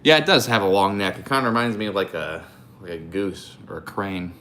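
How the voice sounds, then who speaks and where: A young man hosting a live stream, chatting casually and rambling as he thinks out loud and answers chat. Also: deep voice, fairly quick, slight background noise. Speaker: live-stream host painting cards.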